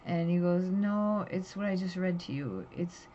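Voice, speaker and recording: A woman's voice: on the low side, a little slow, warm tone. A woman telling a candid story in a personal vlog, tired and drowsy, talking in a raw, rambling, emotional way. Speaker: vlogger. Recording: dull lo-fi audio with faint background hiss.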